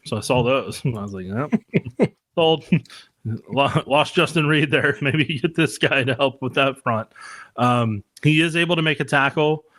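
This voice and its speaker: A man's voice: mid-range voice, a little slow, a bit bright, no echo. Man, casual sports podcast chat, laughs a lot, dry close mic. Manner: chatty, laughs often, loose asides. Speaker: podcast co-host.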